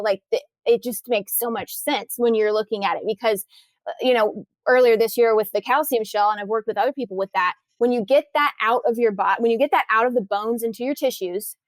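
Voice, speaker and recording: A woman's voice: fairly high pitch, fairly quick, no echo. A woman talking as a podcast guest, telling stories with enthusiasm and frequent restarts. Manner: enthusiastic, animated storytelling with many restarts. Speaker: guest, corrective exercise trainer. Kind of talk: casual podcast interview.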